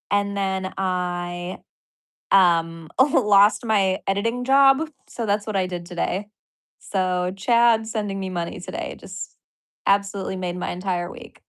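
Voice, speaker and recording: A woman comedian and podcaster, her mid-range voice clear and resonant, chats casually on a livestream while reacting to donations. She's giddy and apologetic, thanking viewers effusively amid frequent laughter.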